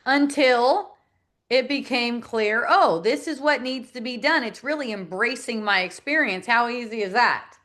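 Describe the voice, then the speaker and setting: A woman's voice: fairly high pitch, measured pace, a bit bright. Middle-aged woman giving a reflective spiritual talk. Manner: reflective, laughing often, acts out quoted voices. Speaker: spiritual teacher.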